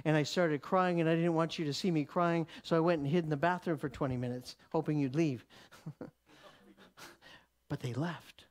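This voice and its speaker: A man preaching, telling a story in an animated way, laughing often and repeating words as he goes. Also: a little high, brisk, smooth. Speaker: preacher teaching. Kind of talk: sermon storytelling.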